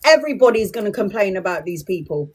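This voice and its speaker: A woman's voice: mid-range voice, animated, fast talker, a little mellow, husky. A woman giving a live tarot reading, blunt and emotional, swearing freely and calling viewers "my love" and "sweetheart". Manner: addresses viewers with endearments. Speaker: tarot reader.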